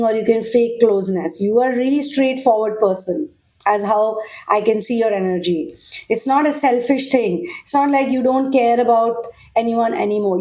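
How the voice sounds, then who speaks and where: A woman talks through a collective tarot reading in a direct, reassuring way. Her voice sits on the higher side. She keeps checking in with "okay?" as she goes. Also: a little mellow. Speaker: tarot reader.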